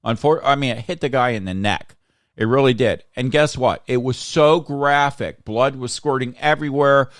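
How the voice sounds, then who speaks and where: Male host from Florida, heated and ranting; mid-pitched, dry close mic. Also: brisk, no room sound. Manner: heated, ranting, repeats himself. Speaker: show host. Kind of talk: casual political talk.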